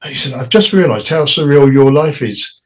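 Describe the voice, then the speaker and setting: A man's voice: mid-range voice, lively intonation, poor audio. A middle-aged man, a singer guest in an interview, telling stories in a loose chatty way, laughing and slipping into quoted voices. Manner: chatty, laughing, restarts and quick quoted asides. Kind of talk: casual interview storytelling.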